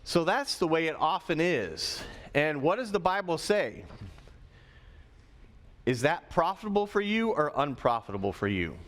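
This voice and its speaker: A man with a slightly high voice preaches to schoolchildren in a school chapel, speaking as both pastor and teacher. His tone is lively and teacherly. He drums in his points by repeating them. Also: a little slow. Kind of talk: sermon to schoolchildren.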